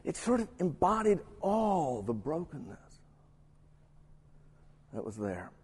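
A man's voice: a little high, big pitch swings, takes it slowly, a little mellow, husky. Man teaching Scripture in a reverberant hall. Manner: reads scripture aloud and comments with asides. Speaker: pastor or Bible teacher. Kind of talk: sermon-style Bible teaching.

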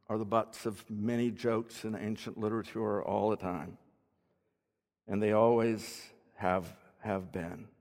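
A man giving a teaching sermon in a conversational way, explaining words and asking his listeners questions. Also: on the low side. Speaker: preacher. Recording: long hall reverb.

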